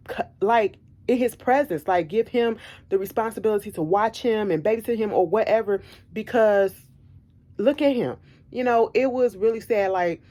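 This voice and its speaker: A woman vlogger telling a story in casual chat, animated and emphatic, repeating her points bluntly. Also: medium pitch.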